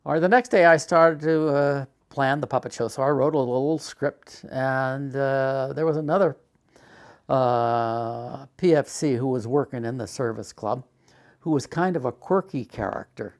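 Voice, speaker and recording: An older man, an artist telling his life story, recalls a memory from his past in a mid-range, slightly slow voice. He rambles with frequent fillers and acts out the quoted exchanges as he goes.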